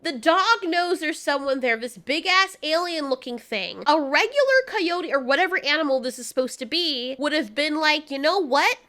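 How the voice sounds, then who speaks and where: A woman's voice: sits high, lively intonation, normal speed, few pauses, pushed and bright. A woman giving a casual spoken movie review, sarcastic and exasperated, laughing through her asides.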